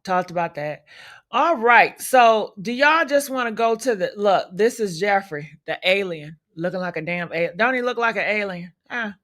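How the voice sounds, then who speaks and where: A woman's voice: mid-range voice, animated, moderate pace, a bit bright. A woman hosting a livestream, talking in a profane, sassy, combative way full of rhetorical questions. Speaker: livestream commentary host. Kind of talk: loud unfiltered gossip commentary.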